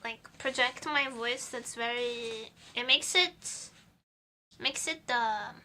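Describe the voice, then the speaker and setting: A woman streamer whose first language is Portuguese, chatting casually and rambling with giggles while she bakes, with a squeaky voice. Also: slow pace, pushed and bright. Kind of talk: casual livestream chat while baking.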